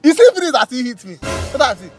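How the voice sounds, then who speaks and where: A man with a Nigerian accent performing a comedy skit, talking boastfully and breaking into panicky shouting. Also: very high voice, sing-song, fast talker, loud music behind the voice.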